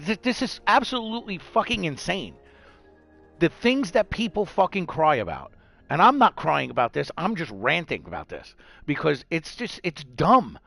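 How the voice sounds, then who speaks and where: A fired-up man rants to camera in a raised, gravelly voice that swings wildly up and down. He swears freely and jumps between scornful put-on voices. The sound is dry and close, with faint music underneath. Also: a little high, wildly swooping pitch, moderate pace, pushed and bright, no echo. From New York. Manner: heated, profane ranting with mocking put-on voices. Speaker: gaming vlogger. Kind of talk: angry rant to camera.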